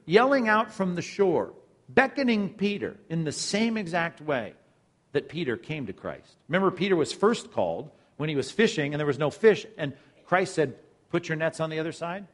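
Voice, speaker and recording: A man's voice: fairly high pitch, very animated, normal speed. A male pastor preaching a sermon, driving points home with repeated phrases and rhetorical questions.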